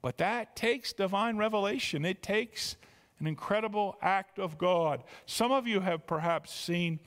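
In a church sanctuary, a male pastor with a high-pitched, fairly bright voice preaches a sermon at a measured pace. He's emphatic, repeats words, and rises with feeling, and the church hall adds reverb.

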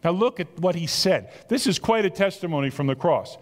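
A man with a South Jersey accent preaching a sermon, animated and exclamatory, full of rhetorical questions. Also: a little high, a little fast, in a large hall. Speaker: pastor.

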